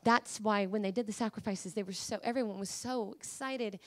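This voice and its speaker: A woman preacher delivering a sermon, emphatic and pleading, at times rising to high fervent cries. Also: brisk, a bit bright.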